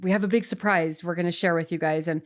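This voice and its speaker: A woman in her forties, a podcast guest, tells a personal story in a chatty, animated way, full of restarts and little "right?" checks. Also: fairly low pitch, fast. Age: 40s.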